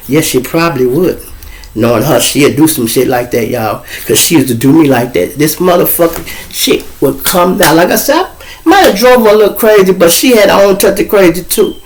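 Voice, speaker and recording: A middle-aged man with a Chicago accent, hosting his show and telling a profane personal story in casual talk, acting out the voices of the people in it. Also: brisk. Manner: profane, animated, acts out quoted voices with big pitch jumps.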